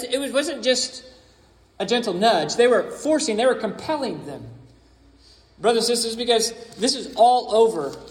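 A man preaching a sermon as pastor, emphatic and repeating his key phrases. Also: high-pitched. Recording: echoey hall.

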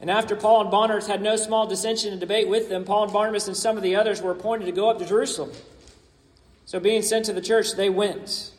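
A man's voice: high voice, little pitch movement, fast. A man preaching a sermon as pastor, emphatic and repeating his key phrases. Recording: echoey hall.

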